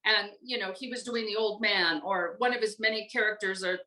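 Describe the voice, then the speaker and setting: An older American woman recalling her acting career in a relaxed, rambling chat full of fillers. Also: mid-range voice, a little fast, roomy sound, rough recording. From United States. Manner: chatty, rambling with many fillers. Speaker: guest voice actress. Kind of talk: casual interview chat.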